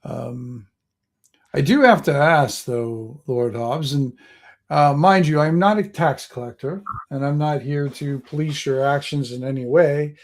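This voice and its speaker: A man voicing a formal, guarded noble lord who speaks courteously and deliberately, in a tabletop game. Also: fairly high pitch.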